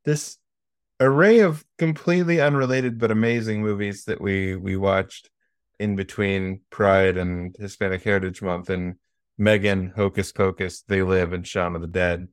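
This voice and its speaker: A man's voice: low voice, steady tone, normal speed, smooth, no echo. A man hosting a podcast in casual chat, dry and laid-back as he wraps up the episode. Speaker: podcast host.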